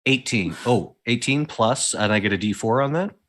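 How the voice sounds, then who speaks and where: Man with a lively pitch playing a tabletop game. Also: moderate pace. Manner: hesitant, many uhs. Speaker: player. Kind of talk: casual tabletop play.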